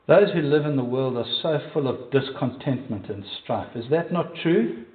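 A man's voice: medium pitch, expressive, moderate pace. A man with a South African accent preaching a sermon, emphatic and putting direct questions to the congregation. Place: church. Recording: echoey, distant, phone-like sound.

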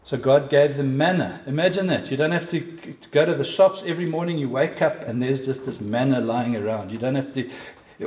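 A man with a South African accent preaching a sermon, emphatic and putting direct questions to the congregation. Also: medium pitch. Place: church. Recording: echoey, distant, phone-like sound.

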